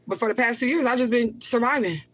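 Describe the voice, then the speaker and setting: A woman with a fairly bright, high-ish voice talks fast on an emotional livestream to her viewers. She rambles and swears, reads comments aloud, repeats herself, and flares into anger.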